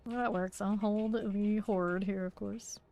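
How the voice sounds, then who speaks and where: A woman's voice: mid-range voice, fairly even intonation, slow pace, a little mellow, rough recording. A woman game streamer chatting casually and playfully while she plays, laughing often and exclaiming. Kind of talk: casual chat while live gaming.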